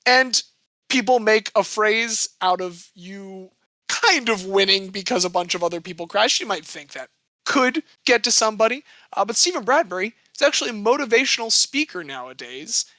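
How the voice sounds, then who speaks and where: Bright, chatty man with a dry close sound. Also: high voice, animated, normal speed, no room sound. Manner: chatty, enthusiastic storytelling with playful asides. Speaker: podcast co-host. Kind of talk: casual sports chat.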